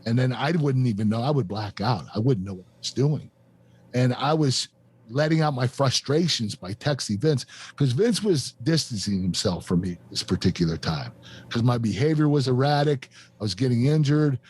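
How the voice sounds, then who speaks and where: A man in his fifties, a guest on a podcast, telling a painful personal story in a halting, emotional way with many fillers and restarts. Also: mid-range voice, lively intonation, darkish tone, breathy edge. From United States. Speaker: guest, former pro wrestler.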